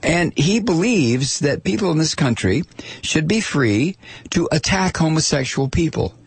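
A man's voice: on the high side, lively intonation, a little slow, husky, no echo. Ranting, sarcastic talk radio man.

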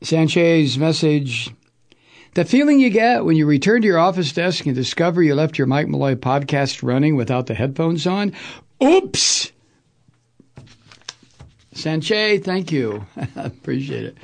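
A man's voice: fairly high pitch, expressive, normal speed. A man hosting a political talk radio show, ranting with profanity and sarcasm, then reading sponsor messages. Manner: profane, heated, sarcastic, mocking impressions.

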